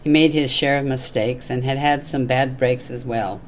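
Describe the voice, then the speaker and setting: Measured, reflective parable reader. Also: mid-range voice, steady tone, slight background noise, low-quality recording. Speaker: storyteller. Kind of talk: reading a moral parable.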